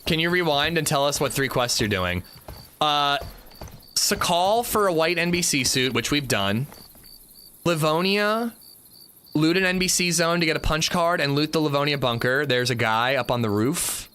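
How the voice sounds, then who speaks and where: A man streaming a game, chatting in a relaxed way and answering his chat. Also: on the high side, moderate pace, clear, resonant tone. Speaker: gaming streamer. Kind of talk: casual livestream chat. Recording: game ambience loud behind voice.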